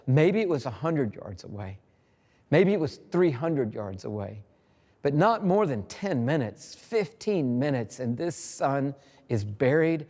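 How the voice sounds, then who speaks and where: A male pastor delivering a sermon, telling the story dramatically with pauses and acted-out lines. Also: fairly high pitch, sing-song, darkish tone. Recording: reverberant hall with faint music.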